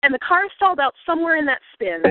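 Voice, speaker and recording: A woman's voice: high-pitched, big pitch swings, quick pace, dry recording. A woman telling a personal story and turning it into a motivational lesson, earnest and reflective, at times getting emotional. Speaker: speaker on a coaching call. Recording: tinny phone-like line, dry.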